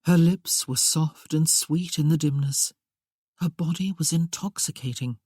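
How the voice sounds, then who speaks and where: Low, mellow woman narrating a romance. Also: measured pace, breathy edge, dry recording, studio quality. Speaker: audiobook narrator.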